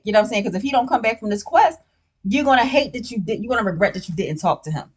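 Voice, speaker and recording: Her medium-pitched voice is expressive and a little breathy, and she talks fast. She's hosting a casual spoiler recap of a TV show, chatty and slangy, repeatedly asking "you know what I'm saying" and sipping a drink as she goes.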